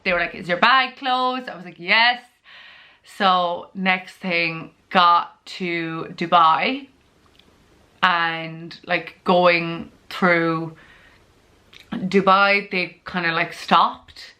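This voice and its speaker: A woman's voice: lowish voice, fairly even intonation, drawn-out words, sharp tone. A young Irish woman telling a casual storytime to camera, chatty and full of fillers, acting out her own panicked quotes. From Ireland. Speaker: vlogger.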